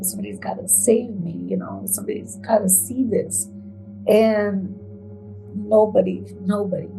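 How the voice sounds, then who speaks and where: A woman telling her own story in a halting, hesitant way, with pauses and repeated words. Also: medium pitch, warm tone, rough recording. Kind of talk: emotional first-person account.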